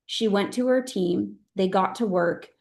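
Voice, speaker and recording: A woman's voice: mid-range voice, a little slow, gravelly, darkish tone. A middle-aged woman leading her sales team on a video call, speaking in an earnest, emphatic and heartfelt way. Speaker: direct-sales team leader.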